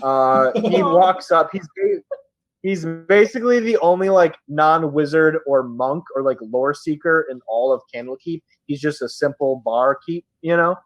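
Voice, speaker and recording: A man's voice: fairly high pitch, unhurried, dry recording, lo-fi sound. A man running a tabletop game as dungeon master, narrating casually with many fillers. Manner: casual, full of "like" and "um".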